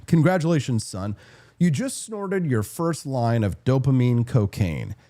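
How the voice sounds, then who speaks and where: Man in his forties, talk show host, mellow voice, jokey, acts out quotes. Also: mid-range voice, very animated, a little slow. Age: 40s. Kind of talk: political talk show monologue.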